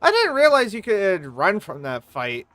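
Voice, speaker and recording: A woman's voice: medium pitch, wildly swooping pitch, measured pace, fairly bright tone, no echo. A woman streaming her gameplay live, coming down with a sore throat and coughing, chatting casually in a rambling way and swearing now and then. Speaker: game streamer.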